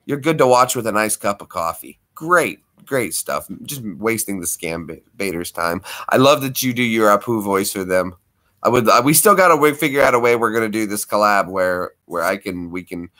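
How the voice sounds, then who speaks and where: A man's voice: medium pitch, bright, forceful tone. A man hosting a casual live stream from home, chatting with viewers, greeting them by name and laughing easily.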